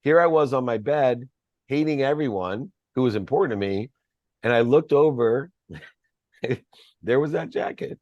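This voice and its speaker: A man's voice: medium pitch, lively intonation, measured pace, pauses often, dry recording, highs cut off. A man, a podcast guest, telling a personal story in an earnest, reflective way.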